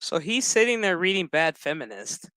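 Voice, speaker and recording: A man's voice: high-pitched, sing-song, moderate pace, pushed and bright, smooth, no room sound. A man streaming a casual reaction review of a show to his chat, retelling scenes in a sassy, profane, exaggerated way. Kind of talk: casual crude reaction commentary.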